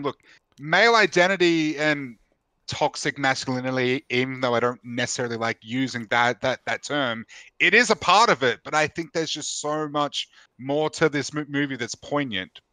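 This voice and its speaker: Homem de voz clara e brilhante. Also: male voice, on the high side, normal speed, bright, forceful tone, dry recording. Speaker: livestream host. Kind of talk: casual film chat.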